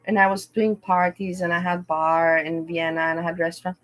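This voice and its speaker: A woman's voice: on the low side, little pitch movement, fairly quick. Woman host, casual stream talk, frank and emotional, rambling. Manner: candid, rambling, emotional storytelling. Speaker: livestream host. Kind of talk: casual livestream chat.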